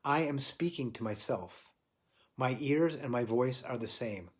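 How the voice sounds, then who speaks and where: Man, spiritual teacher on a livestream, reflective, repeats himself, mid-pitched voice. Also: measured pace. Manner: reflective, repeats phrases for emphasis, drops to quiet soft lines.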